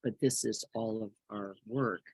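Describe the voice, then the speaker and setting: A middle-aged woman speaks as a spiritual teacher, gentle and unhurried, her voice husky and somewhat breathy. She takes her time and leaves room between her thoughts. The sound is dry and close, with little room echo. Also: very deep voice, fairly even intonation. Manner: gentle, unhurried, asks many tag questions.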